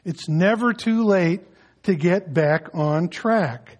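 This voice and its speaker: A pastor delivers a sermon in a fairly high male voice. He swings from loud, ringing emphasis to hushed, intimate appeals. He breaks up the reading with folksy asides and light humor. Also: slow pace.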